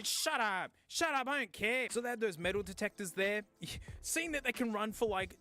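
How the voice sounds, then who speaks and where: A young South Australian man vlogging casually, joking and breaking into shouts as he browses a second-hand shop. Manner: animated, jokey, bursts into high shouting. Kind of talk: casual comedic thrift-shop vlog.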